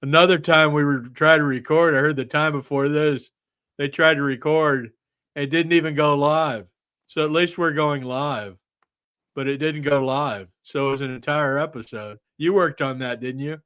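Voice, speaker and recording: A man's voice: a little high, steady tone, moderate pace, fairly bright tone, smooth, no echo. A man hosting a casual podcast, rambling off into absurd tangents. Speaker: podcast host.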